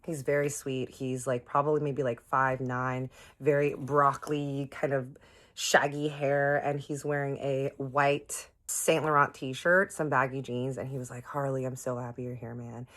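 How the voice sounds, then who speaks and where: Speaking a little slowly in a rumbling low voice, a woman shares a personal story with her viewers. She's a storytime vlogger, and her retelling is casual and lively, with the other people's words performed in their own voices.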